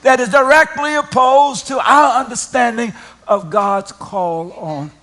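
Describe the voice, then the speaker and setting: Emphatic high-voiced male pastor preaching. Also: measured pace, noisy background. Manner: emphatic, repeats and restarts, swings from quiet to loud. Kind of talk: sermon.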